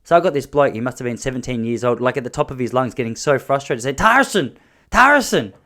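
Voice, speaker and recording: An Australian man in his thirties hosting a podcast, telling comic stories in a rambling way, with sudden jumps in pitch and loudness. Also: fast. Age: 30s. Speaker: podcast host. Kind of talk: comedic storytelling monologue.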